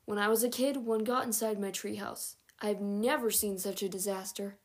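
A woman's voice: medium pitch, fairly even intonation, normal speed, lightly acted. A woman voicing a grumbling but good-natured grown man in a read-aloud storybook. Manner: grumbling, teasing. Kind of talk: audiobook character reading.

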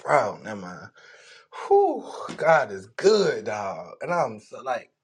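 A man hosting a podcast, talking casually in slang, emotional, dropping quiet then rising loud. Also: mid-range voice, huge pitch swings, takes it slowly, husky. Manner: emotional, slangy, swings between hushed and loud. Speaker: podcast host. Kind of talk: casual morning check-in chat.

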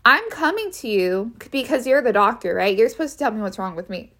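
A woman's voice: on the high side, big pitch swings, fairly quick, fairly bright tone. A woman telling a personal story in a casual, frank way, stressing her points by repeating them. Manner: emphatic, repeats key phrases for effect; frank and conversational, with fillers.

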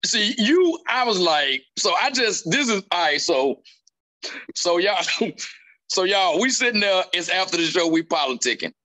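A male stand-up comedian in casual chat, telling animated stories and acting out what people said. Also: high-pitched, unhurried. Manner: animated storyteller acting out quotes.

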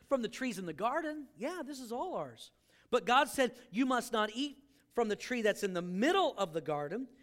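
A man's voice: extremely high pitch, a bit bright. A male pastor preaching a sermon to a live congregation, joking and acting out quoted voices as he talks.

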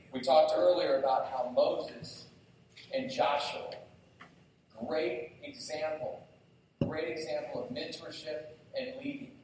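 A man's voice: a little high, a little hiss or hum. Male pastor preaching in an echoey hall. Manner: lively storytelling, addresses the congregation directly. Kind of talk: sermon. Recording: very echoey hall, distant mic.

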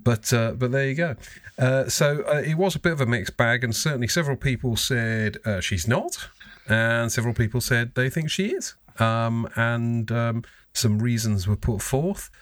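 A man's voice: medium pitch, moderate pace, dry recording, studio quality. A man co-hosting a casual podcast, rambling and joking, swearing freely. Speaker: podcast co-host. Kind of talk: casual chat.

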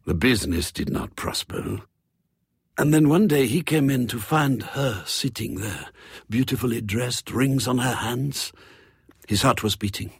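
Slow, husky male narrator. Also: medium pitch, no echo, studio quality. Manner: measured, expressive storytelling. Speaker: audiobook reader. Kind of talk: scripted narration.

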